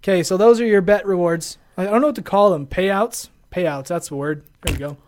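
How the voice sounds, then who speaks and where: A man's voice: high-pitched, fairly quick, a little mellow, a little hiss or hum. A man hosting a sports podcast in casual chat, rambling and laughing often. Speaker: podcast host.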